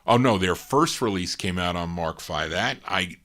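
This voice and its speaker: A man hosting a live show of old soul records, chatting casually, pausing to recall names and details. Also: low-pitched, lively intonation, bright, forceful tone. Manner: unhurried, pauses to recall names, fillers. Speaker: radio-style show host and DJ.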